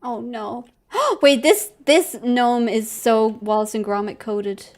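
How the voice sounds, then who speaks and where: A woman's voice: a little high, takes it slowly. A young woman streaming a game, chatting casually, giggling and squealing often. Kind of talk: casual gameplay commentary.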